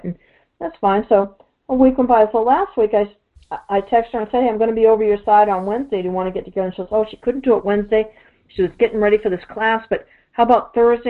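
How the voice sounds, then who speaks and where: Woman telling stories over tinny audio. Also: medium pitch. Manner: rambling, many "you know" fillers and restarts. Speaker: energy work practitioner. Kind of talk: casual storytelling monologue.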